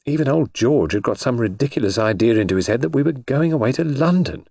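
A man voicing a nervous, uneasy young wife in an audiobook reading, hesitant and halting. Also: mid-range voice, animated, vocal fry, warm tone, no room sound, clean studio sound, pitched above the performer's own voice. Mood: explaining.

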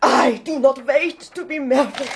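A panicky foreign maid. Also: female voice, high-pitched, a little slow, a little hiss or hum. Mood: panicky, tearful. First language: not English. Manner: broken English, near tears. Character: panicky young foreign maid, excitable and tearful. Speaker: frightened foreign housemaid. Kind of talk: radio drama acting.

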